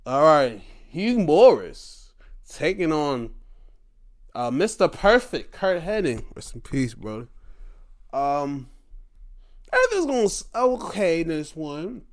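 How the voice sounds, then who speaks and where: A man's voice: a little high, sing-song, slow, pauses often. A man hosting a casual, profane wrestling recap, acting out scenes in different voices. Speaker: show host.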